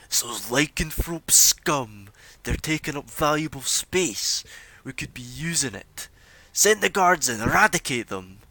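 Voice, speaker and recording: A man voicing an angry male deep gnome who shouts hateful demands at a mob. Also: very animated, measured pace, few pauses, no echo, exaggerated voice. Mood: shouting angrily. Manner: shouting, hateful, rabble-rousing.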